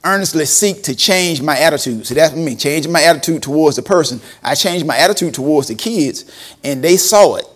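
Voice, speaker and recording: A man's voice: fairly high pitch, expressive, brisk. A man preaching a storytelling sermon, acting out quotes and laughing often. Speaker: preacher and former school principal.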